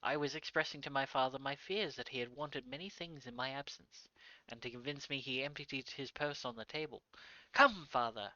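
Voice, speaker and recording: A man voicing an eager, generous young sailor who exclaims excitedly in a storybook reading. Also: medium pitch, normal speed, no room sound, lo-fi sound. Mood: earnest.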